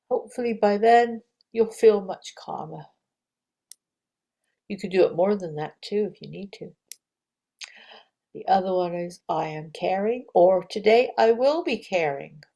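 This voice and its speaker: A middle-aged woman leads a gentle yoga lesson, unhurried and soft-spoken. Her voice has a gravelly, fry-edged texture, and she often trails into a hushed near-whisper as she guides. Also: mid-range voice, lively intonation, low-quality recording. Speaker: yoga teacher.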